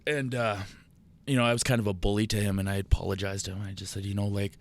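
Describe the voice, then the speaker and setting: A man, a podcast guest telling profane, animated stories in casual chat. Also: on the low side, quick pace. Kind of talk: casual storytelling.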